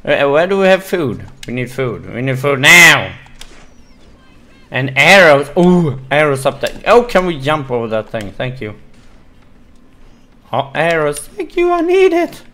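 A man hosting a gaming video, excitably commentating his play with frequent swearing and exclamations. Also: mid-range voice, a little slow, pauses often. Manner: excitable, swearing, exclaiming and laughing while playing. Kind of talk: casual let's-play commentary.

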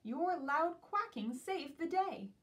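Woman doing Quincy, a quiet little quail. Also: high-pitched, lively intonation, slow, voice pushed up, heavily acted. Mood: happy. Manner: soft-spoken. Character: quiet, gentle male quail.

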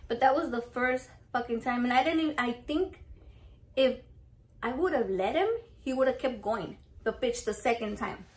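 Woman, thirties, high pitch, casual storytime vlog, blunt, profane, animated. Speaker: vlogger telling a story.

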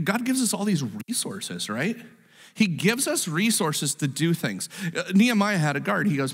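Pastor preaching in a reverberant hall. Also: male voice, high-pitched, normal speed, slightly rough. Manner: animated, repeats words, acts out quoted voices. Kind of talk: sermon. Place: church sanctuary.

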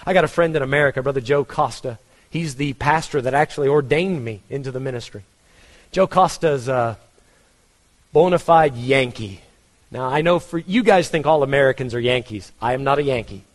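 A man's voice: medium pitch, a little fast, big-room sound. A man with a Texan accent preaching a conversational sermon, asking his congregation questions. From Texas. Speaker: pastor.

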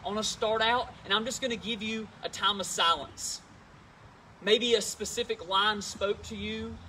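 A man, a pastor, leading prayer and reading scripture in a church service, talking in an earnest, gentle way and repeating words as he goes. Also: high voice, steady tone, moderate pace, distant mic, a little hiss or hum. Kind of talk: sermon and prayer.

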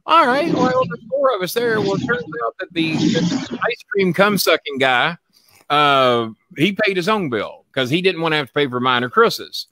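A man's voice: a little high, wildly swooping pitch, moderate pace, bright, forceful tone, a little hiss or hum. A man hosting a casual chat show, telling a long story in a rambling, profane way with lots of repeats. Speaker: show host.

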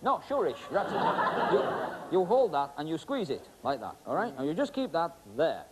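A man's voice: a little high, big pitch swings, normal speed. A middle-aged man doing comic stage patter with volunteers as a magician host, chatty and teasing with many fillers. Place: TV studio stage with live audience. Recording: hissy 1980s TV broadcast.

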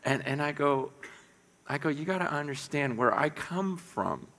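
A middle-aged American man preaches, his high, bright voice ringing through a church hall with a long echo. He tells stories animatedly, often stumbling over repeated words. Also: expressive, moderate pace, vocal fry. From United States. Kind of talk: sermon storytelling. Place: church sanctuary.

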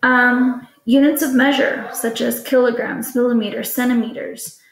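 A woman's voice: fairly high pitch, steady tone, moderate pace, gravelly. A woman teacher patiently explaining a lesson to children in a recorded class video. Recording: echoey room.

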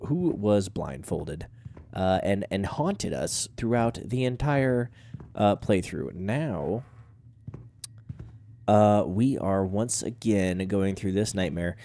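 A man's voice: sits low, mellow. A man hosting a gaming video, stuffed up with a cold, rambling and chatting at the game as he plays. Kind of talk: casual let's-play commentary.

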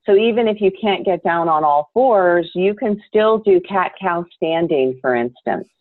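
A woman yoga teacher giving calm, measured, instructive answers in an interview over a remote call. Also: lowish voice, no room sound. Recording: tinny dry call audio.

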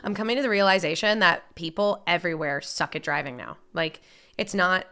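Nasal, bright-voiced streamer woman. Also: lowish voice, a little fast, clear, resonant tone. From upstate New York. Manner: chatty and rambling, with frequent filler words. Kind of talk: casual chat while gaming, reading chat aloud.

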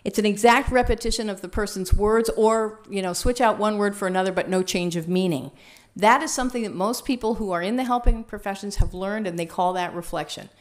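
A woman trainer leading a workshop, talking in a lively, conversational way and asking the room questions. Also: medium pitch, fairly quick. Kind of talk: teaching a workshop.

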